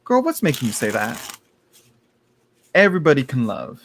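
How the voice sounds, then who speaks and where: A man's voice: mid-range voice, huge pitch swings, moderate pace, vocal fry, a bit bright. A man doing a live tarot reading stream, chatty and campy, laughing often and calling viewers "girl". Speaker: tarot reader.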